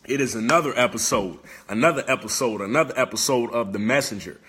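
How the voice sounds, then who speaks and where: A man's voice: medium pitch, quick pace, a bit bright, breathy edge. A man giving a motivational talk on a live stream, repetitive and preachy, talking straight to viewers and tagging lines with "okay?". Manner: preachy, addresses viewers directly. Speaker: motivational speaker.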